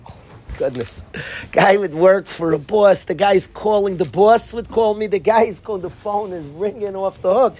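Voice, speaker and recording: A male rabbi giving an informal, animated talk full of stories and sprinkled with Yiddish and Hebrew terms. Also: high voice, husky. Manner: acts out conversations in quoted voices.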